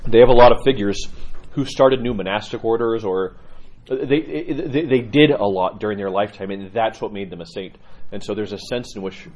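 A man's voice: on the low side, normal speed, a little mellow, dull audio. Earnest man giving a catechism lecture. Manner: earnest and emphatic, with repetitions. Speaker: catechism teacher.

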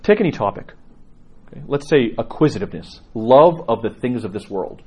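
Priest giving a casual teaching: lively, slightly husky man who tells stories. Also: medium pitch, fairly quick, dull audio. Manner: conversational, animated storyteller with laughs. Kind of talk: teaching talk to a congregation.

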